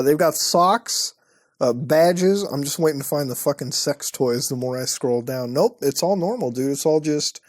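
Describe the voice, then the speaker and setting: A man hosting an online video, giving excitable, profane commentary while browsing websites and laughing often. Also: on the high side.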